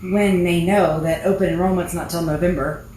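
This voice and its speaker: A middle-aged Texan woman co-hosting a casual chat, joking and playful. Her voice is medium-pitched and strongly echoey, with faint noise in the background. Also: fairly even intonation, normal speed, a little mellow. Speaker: podcast co-host. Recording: very echoey room.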